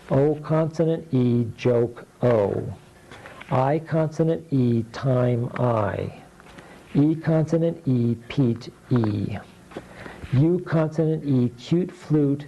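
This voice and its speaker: A man teaching phonics, slowly sounding out letters, keywords and blends and patiently explaining how to shape each sound. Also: medium pitch, dull audio. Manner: patient, deliberate, explains mouth positions. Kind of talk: slow instructional drill of letter sounds. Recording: faint background noise.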